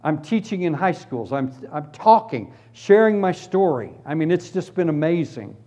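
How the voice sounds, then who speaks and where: Man, preacher, testimony story, animated, slightly high voice. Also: moderate pace. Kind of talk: testimony sermon.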